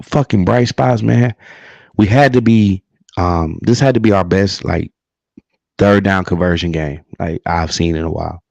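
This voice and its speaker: A man with a very low, gravelly voice rants heatedly and profanely, repeating his points. His audio is dull and lo-fi, with a dry, close sound. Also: a little mellow, no room sound. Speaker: livestream co-host. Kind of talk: profane casual sports rant.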